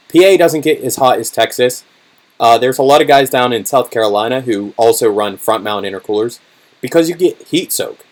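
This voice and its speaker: A man hosting a casual livestream, with a hoarse, worn-out voice, talking loosely with lots of fillers as he answers chat. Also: medium pitch. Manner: chatty, many fillers, car-enthusiast talk. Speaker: channel host answering live chat.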